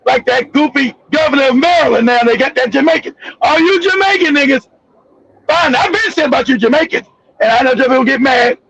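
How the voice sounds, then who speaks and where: A male live stream host giving heated, profane political commentary, ranting and often shouting. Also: very high-pitched, expressive, brisk, creaky, highs cut off.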